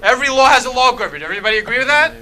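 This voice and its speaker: A man's voice: extremely high pitch, very fast, low-quality recording. A man leading a group talk on faith, quizzing the audience with constant "okay?" checks and playful asides. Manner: lively and animated, with a playful humor. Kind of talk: interactive apologetics talk.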